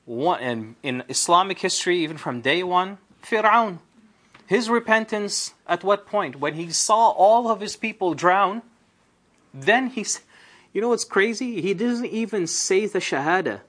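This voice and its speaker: A man leads an indoor Quran class in a relaxed, conversational way. He talks with his students rather than at them. He throws out rhetorical questions and offhand asides as he explains. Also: high voice, unhurried. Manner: lively, asks rhetorical questions, chatty asides. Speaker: Islamic teacher.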